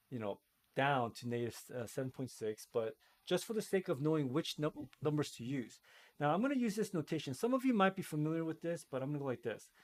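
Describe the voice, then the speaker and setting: A man with hiccups explains a math problem step by step. He works it out aloud in a casual teaching voice, pausing to check himself and fix slips. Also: fairly high pitch, darkish tone. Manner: thinks aloud while working problems, self-correcting. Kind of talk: screen-recorded math lesson.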